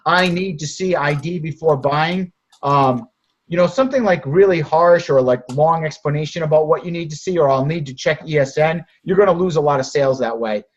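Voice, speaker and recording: A man's voice: a little high, brisk. A man coaching sellers on a group call, direct and encouraging, often restarting his sentences. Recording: muffled lo-fi audio.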